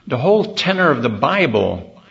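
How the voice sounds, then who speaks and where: Gravelly man giving a slow sermon. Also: mid-range voice, big pitch swings, a bit bright, dull audio. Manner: measured, deliberate, with pauses and fillers. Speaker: speaker at a religious convention. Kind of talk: sermon-style Bible talk.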